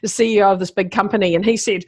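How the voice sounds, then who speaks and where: A middle-aged woman joins a remote call as a podcast guest and keynote speaker, chatting casually, animatedly, and swearing freely. Her voice is medium-pitched and steady in tone, and she races along.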